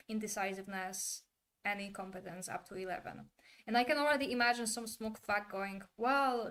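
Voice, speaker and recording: A woman streaming a casual commentary, opinionated and blunt, with the odd swear word. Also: mid-range voice.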